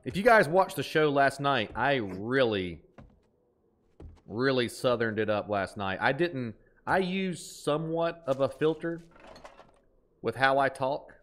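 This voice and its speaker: Lively twangy man streaming a game. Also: medium pitch, a little slow. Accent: Appalachian. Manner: chatty, reads chat aloud, laughs easily. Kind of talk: casual live-stream gameplay chat.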